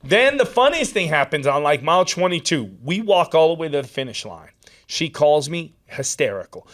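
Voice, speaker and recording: A man telling a long story in a casual chat, animated and peppered with "dude" and "like.". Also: fairly high pitch, normal speed. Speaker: podcast guest.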